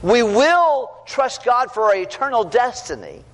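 A middle-aged man preaching a sermon to young people, earnest and storytelling, swinging from loud to hushed. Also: very high voice, big pitch swings, a little slow. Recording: long hall reverb, faint background noise.

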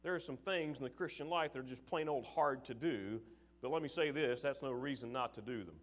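A man preaching a sermon, moving from casual, filler-laden asides to forceful, emphatic calls to his listeners. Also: mid-range voice, a little fast. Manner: acts out his father's sarcastic voice.

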